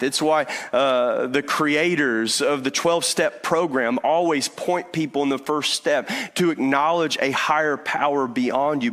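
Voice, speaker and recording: Animated preacher in a reverberant hall. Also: male voice, medium pitch. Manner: animated storytelling with many restarts. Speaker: pastor. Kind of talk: sermon.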